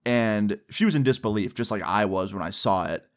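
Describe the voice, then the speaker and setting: A man's voice: on the low side, fairly quick. Young man telling a casual story. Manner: chatty, heavy with "like" and "you know" fillers.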